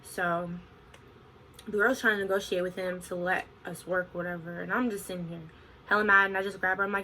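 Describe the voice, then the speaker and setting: Young woman vlogger, bright tone, animated storytime delivery, faint room hum. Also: lowish voice, a little fast, low-quality recording. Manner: animated, expressive retelling with frequent "like". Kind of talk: casual storytime vlog.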